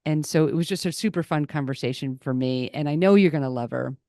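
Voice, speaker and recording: A woman's voice: low-pitched, quick pace, dry recording, studio quality. A woman podcast host telling a chatty, self-deprecating story in a casual monologue, acting out the people she quotes. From Rhode Island, USA. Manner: chatty, self-deprecating, animated when quoting others.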